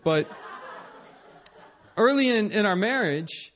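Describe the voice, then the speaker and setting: A young man with a slightly higher voice tells a personal story about married life. He pokes fun at himself, stumbles over his words and restarts a lot, and keeps the telling lively. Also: moderate pace, a little hiss or hum. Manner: animated, self-mocking, many restarts and laughs. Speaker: speaker sharing a marriage story.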